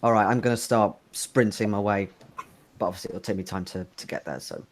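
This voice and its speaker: A man's voice: on the low side, steady tone, a little fast. Eager man playing a tabletop game. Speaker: player. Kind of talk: casual tabletop play. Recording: faint background noise.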